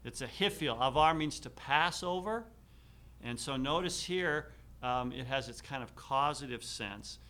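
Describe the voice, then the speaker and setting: A man teaching a class, reading slowly and deliberately with frequent fillers. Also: mid-range voice, sharp tone. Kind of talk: classroom lecture.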